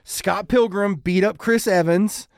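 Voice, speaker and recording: A man co-hosting a casual podcast chat, listing complaints in a quick, halting way. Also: high voice, fairly even intonation, dry recording, studio quality. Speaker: podcast co-host.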